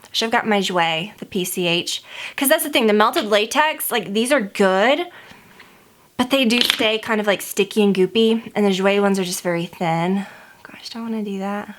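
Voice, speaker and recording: A woman talks straight to the camera while she does her makeup, gossiping in a casual, rambling way. Her voice sits at an ordinary middle pitch. She scatters "like" and "you know" through every sentence. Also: moderate pace, a little hiss or hum. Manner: chatty and rambling, heavy use of "like". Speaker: beauty vlogger.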